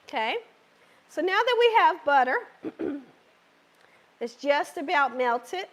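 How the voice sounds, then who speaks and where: A woman's high voice, roughened to a hoarse scratch, leads a live cooking demonstration from her home kitchen. She is chatty and reassuring and keeps checking in with viewers as she works. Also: very animated, slow pace. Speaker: cooking channel host.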